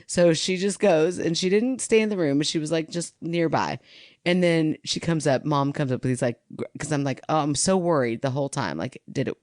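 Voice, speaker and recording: A woman in her thirties co-hosting a podcast, an animated storyteller who laughs often. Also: deep voice, normal speed, no room sound, studio quality. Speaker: podcast co-host. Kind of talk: casual chat.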